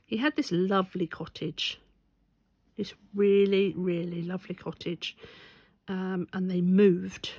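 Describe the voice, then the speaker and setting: A woman with a slightly low voice tells a long, rambling story in a chatty vlog. She sounds amused and often backtracks to correct herself. The sound is dry and close, with little room echo. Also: steady tone, unhurried, dark tone. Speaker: stitching vlogger. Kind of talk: casual anecdotal storytelling.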